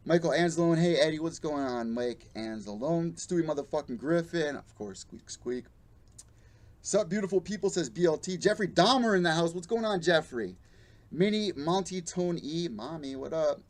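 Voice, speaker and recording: A young adult man with a slightly high voice talks at a normal pace while hosting a live-streamed MMA podcast. His commentary is a blunt, profane rant, and he mocks the fighters he quotes.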